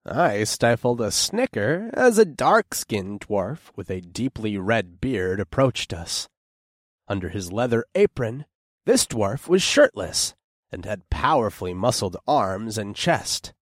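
A man narrates a first-person fantasy audiobook with unhurried, deliberate pacing. His pitch moves a great deal as he tells the story. The recording is dry and close. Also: sing-song, no echo.

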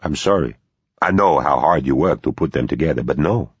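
A man's voice: a bass voice, brisk, breathy edge, no room sound, full character voice. Man doing a cold, ruthless tycoon. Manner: flat, hard. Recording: dull, dry.

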